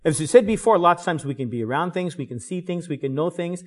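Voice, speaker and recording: A man preaching a Bible sermon in a conversational, animated way, with many fillers. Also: on the high side, fast talker, hardly any pauses. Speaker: pastor.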